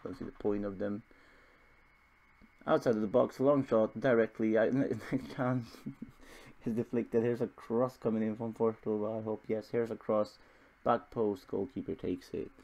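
A man's voice: on the low side, fairly even intonation, unhurried, vocal fry, darkish tone. A young man casually commentating his football management game, rambling and joking at his own expense. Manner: rambling, self-deprecating, chuckling asides. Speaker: gaming video host.

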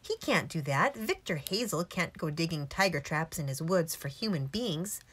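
A woman's voice: on the low side, lively intonation, moderate pace. A woman doing a chatty little old country doctor. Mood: outraged. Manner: chatty, mischievous storytelling. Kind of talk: audiobook character reading.

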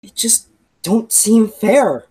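Teen girl as a greaser boy, sensitive, quick-tempered, earnest, video call. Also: on the high side, dark tone, breathy edge, heavily acted. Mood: brooding. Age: teens. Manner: earnest, bursting into outbursts. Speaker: student actor. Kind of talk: school play read over a video call.

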